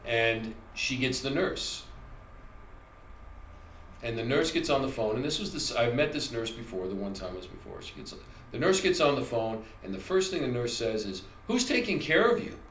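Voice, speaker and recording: A middle-aged man recounts a personal story in a loose, conversational monologue, often stopping to correct himself. His voice sits at an ordinary pitch for a man. The recording is echoey, with a faint hum of room ambience behind him. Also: animated, moderate pace. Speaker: channel host.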